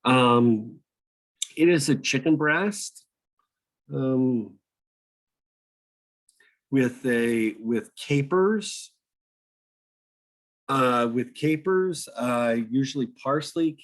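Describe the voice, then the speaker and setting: Slow, halting male cooking teacher. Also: medium pitch, rough recording. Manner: slow, with many fillers and restarts. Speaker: cooking instructor. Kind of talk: online cooking class.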